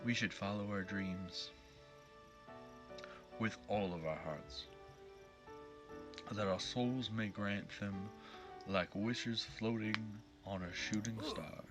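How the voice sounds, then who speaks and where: A man's voice: on the low side, slow pace, pauses often, over music. A man reading the lines of an earnest, sentimental older male chef from a dating game, with a solemn, heartfelt delivery. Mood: dreamy. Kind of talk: reading game dialogue aloud.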